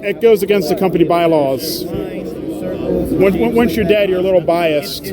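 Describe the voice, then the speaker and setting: A man's voice: high-pitched, a little slow, loud music behind the voice. A man answering street interview questions with dry jokes. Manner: dry, joking. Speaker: fan club member. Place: city street outdoors.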